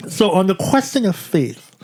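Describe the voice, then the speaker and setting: A man's voice: high voice, moderate pace, husky. A man co-hosting a podcast, telling a story casually with restarts and frequent "right?" checks. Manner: animated, restarts, tags "right?". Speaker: podcast co-host.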